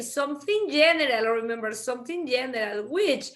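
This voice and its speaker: A woman's voice: fairly high pitch, unhurried, few pauses. A woman teaching an English grammar lesson over a video call, mixing in Spanish explanations and often checking in with her learners. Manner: lively, repeats key words, asks rhetorical checks.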